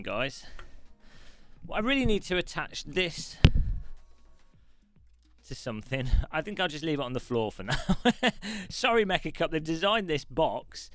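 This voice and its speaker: A middle-aged man livestreams while fitting out a sim rig, chatting, laughing often and joking at his own expense. His voice is mid-range and a bit bright.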